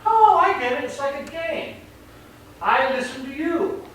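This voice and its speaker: Brief: a man doing the chatty inner voice of a rescue dog, raised pitch, faint background noise. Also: a little fast. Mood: delighted. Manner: bright, excited inner voice. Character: eager, simple-minded rescue dog. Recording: very echoey, distant mic, faint noise.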